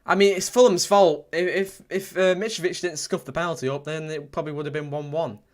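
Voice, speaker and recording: Young man, fan watchalong commentary, excitable and repetitive, fairly high voice. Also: brisk. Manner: excitable, repetitive, bursts into shouts at big moments. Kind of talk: live football watchalong commentary, reading chat.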